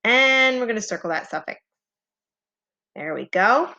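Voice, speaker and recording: A woman leads a phonics lesson at a slow, deliberate pace, patient and encouraging as she spells out each letter. Her voice is fairly high and moves a lot, with a gravelly edge. The recording sounds a little dull and lo-fi. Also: animated, pushed and bright. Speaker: teacher. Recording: slightly dull lo-fi home recording.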